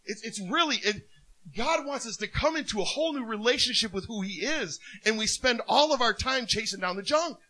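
A man preaching a sermon as a minister, telling stories in an animated way and laughing often. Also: extremely high pitch, brisk.

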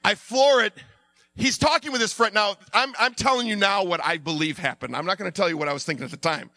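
A middle-aged man preaching through a personal story, animated, acting out his own voice, sometimes dropping low and quiet. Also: fast, dry recording. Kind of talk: sermon told as a personal story.

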